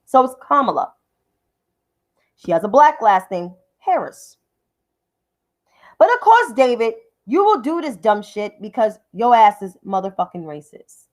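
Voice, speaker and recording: A woman's voice: on the high side, sing-song, a little slow, a little mellow. A woman hosting a livestream of political commentary, combative and profane, repeating names for emphasis.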